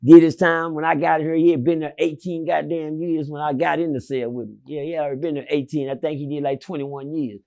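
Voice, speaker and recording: High, gravelly-voiced storyteller man. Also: fairly even intonation, fairly quick, hardly any pauses. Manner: swinging from loud shouts to low murmurs, profane. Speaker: interview guest. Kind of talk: animated storytelling.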